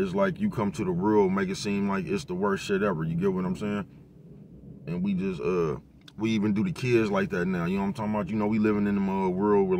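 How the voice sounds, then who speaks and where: Dude talkin aave, chill and rambling, cussing a lot, kinda low voice, keeps checking you get him. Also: male voice, darkish tone, slight background noise. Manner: laid-back, profane street talk, constant "you know what I'm talking about". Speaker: vlogger giving life advice. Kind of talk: casual motivational monologue.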